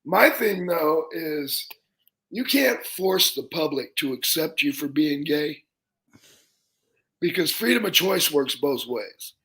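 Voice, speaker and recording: Man, 50s, show host, gravelly, plain-spoken and opinionated. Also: a little high, expressive, slow pace, sharp tone. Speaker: podcast host. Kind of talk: casual chat.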